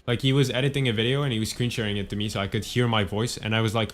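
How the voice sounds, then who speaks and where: A man's voice: lowish voice, fairly even intonation, fast, few pauses, a bit bright, soft background music. A man streaming a game and chatting casually, rambling and joking at his own expense. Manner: rambling, self-deprecating, laughs often.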